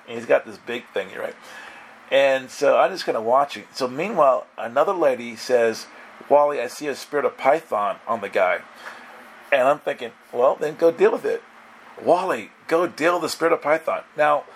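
A man's voice: mid-range voice, fairly bright tone, a little hiss or hum. A man preaching, telling a story animatedly with laughs and frequent restarts. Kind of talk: sermon storytelling.

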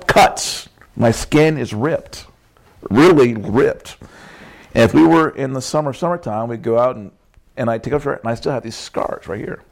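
A middle-aged man preaching a sermon, telling animated personal stories and acting out what people said. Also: medium pitch, moderate pace, vocal fry. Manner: animated storytelling, acts out quotes, laughs often.

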